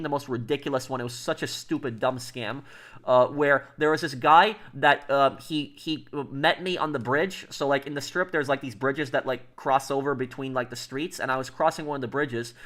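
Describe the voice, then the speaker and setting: A man's voice: mid-range voice, brisk, fairly bright tone. A man streaming and chatting casually with viewers, rambling with lots of fillers and restarts. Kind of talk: casual livestream chat.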